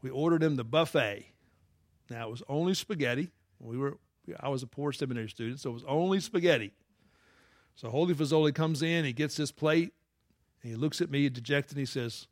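A man's voice: on the high side, moderate pace, no room sound, clean studio sound. A young man preaching a sermon with an earnest, folksy, conversational manner that slides into prayer. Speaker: pastor.

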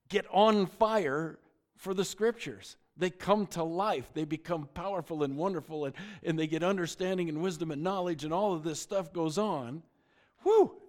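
Middle aged pastor guy, kinda high voice, goofy asides, trips over his words a lot. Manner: joking asides, animated storytelling; frequent stammered restarts. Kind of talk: sermon.

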